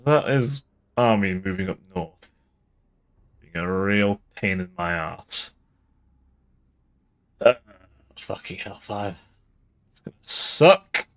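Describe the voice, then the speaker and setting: Low-pitched and slow, pausing often, a streamer comments on the strategy game he's playing live. His tone is jokey and sweary, with bursts of pretend indignation.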